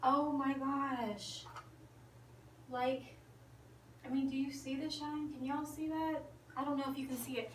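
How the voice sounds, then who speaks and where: A woman's voice: a little high, far from the mic, a little hiss or hum. Gushing woman in an echoey room. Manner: gushing, animated, drops to whispers. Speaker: beauty vlogger. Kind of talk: excited casual vlog chat.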